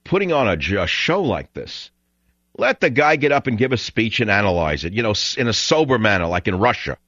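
A man's voice: fairly low pitch, sing-song, fairly quick, a bit bright, no room sound, highs cut off. A man hosting a talk radio show, ranting in a sarcastic, combative monologue.

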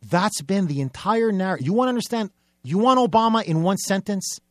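A man's voice: high voice, expressive, moderate pace, no room sound, studio quality. A man hosting a political talk radio show, delivering a combative, mocking monologue with repetitive rhetorical build-ups.

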